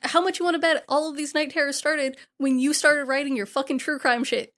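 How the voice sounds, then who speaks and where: A woman co-hosting a podcast, recapping a horror movie in casual, profane, animated chat. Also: high voice, fairly quick. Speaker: podcast co-host.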